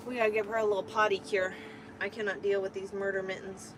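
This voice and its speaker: A woman's voice: medium pitch, steady tone, fairly quick. Chatty woman trucker in a noisy cab. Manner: chatty, talks to her cat and viewers. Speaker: truck driver streamer. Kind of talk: casual live-stream chat.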